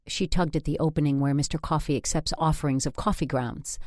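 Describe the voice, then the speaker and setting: A woman's voice: low voice, steady tone, a little fast, few pauses, a little mellow, no echo. A woman narrating a first-person audiobook with a wry, dry sense of humor.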